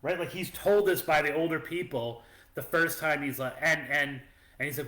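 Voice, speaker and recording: A man's voice: on the high side, normal speed, bright, forceful tone. Rambling man in an echoey room. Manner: rambling storyteller, many fillers. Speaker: podcast co-host. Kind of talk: casual chat.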